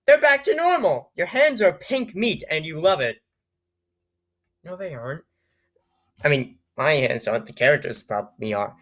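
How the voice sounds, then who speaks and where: A man's voice: on the high side, sing-song, moderate pace, long pauses, fairly bright tone. A man hosting his channel, reading a nonsense story aloud in a playful, mock-dramatic way with joking asides. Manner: playful, mock-dramatic, breaks into laughter and jokes. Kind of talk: comedic reading with commentary.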